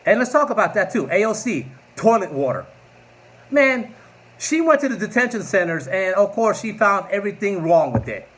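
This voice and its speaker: A man's voice: sits high, big pitch swings, moderate pace, a bit bright. A man in his forties ranting to camera in a political vlog, combative and mocking, with sarcastic asides. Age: 40s. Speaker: political vlogger.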